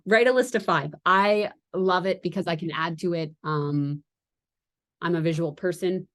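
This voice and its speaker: A woman with a notably low, deep voice talks her sales team through a training in a loose, chatty way. She laughs at her own jokes and often drifts into side stories before pulling herself back on track. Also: moderate pace, a bit bright. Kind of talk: casual training talk to a team.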